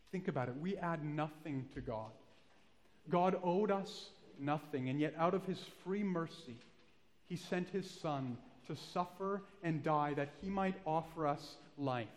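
High-voiced male preacher, earnest and pleading, long hall reverb. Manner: earnest, pleading, rising to loud climaxes. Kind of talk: sermon.

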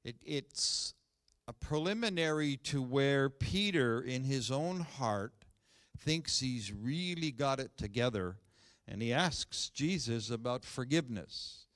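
A man preaching a sermon as pastor, reading scripture with rising emphasis, then growing quiet and earnest. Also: mid-range voice, expressive, slow pace, dry recording.

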